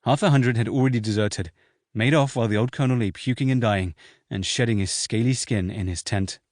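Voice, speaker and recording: In scripted narration, a medium-pitched man reads a historical novel as an audiobook, steady and measured. The recording is dry, with clean studio sound.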